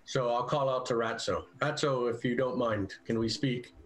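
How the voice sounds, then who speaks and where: A man playing a tabletop game, talking in a polite, halting way as his character. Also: medium pitch, fairly even intonation, low-quality recording. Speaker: player.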